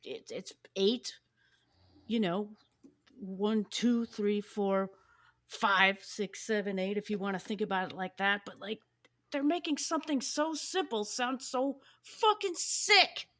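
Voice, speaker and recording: This is a woman in casual podcast chat, raving about music with loose, excited energy. She swears freely, trips over her words and restarts her sentences as her enthusiasm runs ahead of her. Her voice sits at an ordinary middle pitch for a woman. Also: slow. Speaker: podcast host.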